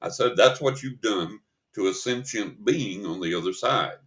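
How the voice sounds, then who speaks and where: A man with a lowish voice tells a story on a paranormal talk show. He talks in a casual, chatty way and slips into the voices of the people in his story. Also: normal speed. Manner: animated storyteller acting out voices in quotes.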